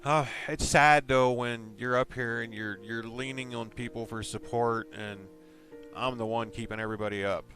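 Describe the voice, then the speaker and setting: A man's voice: mid-range voice, steady tone, normal speed, a bit bright, soft background music. A man chatting casually with his live viewers, rambling and teasing. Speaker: live streamer.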